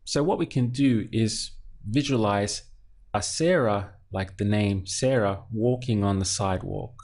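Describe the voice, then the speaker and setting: Male language teacher, lower pitch, patient and repetitive delivery. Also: a little mellow. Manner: patient, explains slowly and repeats words. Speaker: Spanish teacher. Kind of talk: language lesson narration.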